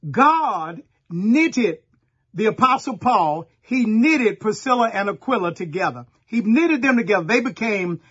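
Husky high-voiced preacher. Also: male voice, expressive, a little slow, a bit bright, lo-fi sound. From Texas. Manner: folksy call-and-response preaching, storytelling with asides to the congregation. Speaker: pastor. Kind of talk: sermon.

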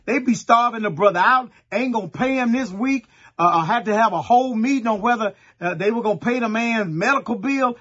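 A middle-aged pastor from Texas, preaching a sermon in a folksy storytelling way and talking straight to the congregation. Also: male voice, high voice, brisk, fairly bright tone, breathy edge, lo-fi sound.

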